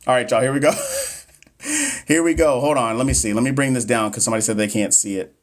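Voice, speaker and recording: A man's voice: medium pitch, quick pace. A man in his thirties coaching nursing exam questions on a casual live stream. He jokes with viewers, talks right to them and stumbles over long medical terms. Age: 30s.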